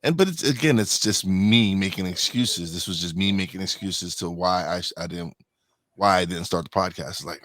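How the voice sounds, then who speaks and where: A man's voice: sits low, moderate pace, fairly bright tone, no room sound. A man hosting a podcast, chatting casually and rambling through many restarts and self-corrections. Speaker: podcast host. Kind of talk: casual interview chat.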